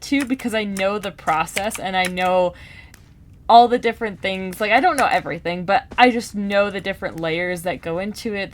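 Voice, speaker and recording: A woman chats casually to her viewers, rambling and animated, with many fillers and restarts. Her pitch sits in a middle range. Faint keyboard clicks sound in the background while she plays. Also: a little hiss or hum. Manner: gaming while talking. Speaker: book vlogger. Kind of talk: casual chat.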